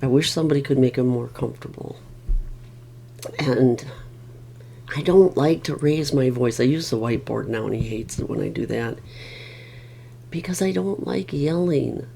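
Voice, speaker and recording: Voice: mid-range voice, normal speed, creaky, long pauses, dark tone, a little hiss or hum. A middle-aged family caregiver rambling wearily in a casual vlog, with many restarts.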